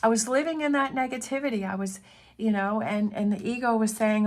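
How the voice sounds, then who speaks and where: A woman's voice: fairly high pitch, fairly quick. A woman tarot reader giving an earnest, encouraging spiritual pep talk, often repeating her phrases.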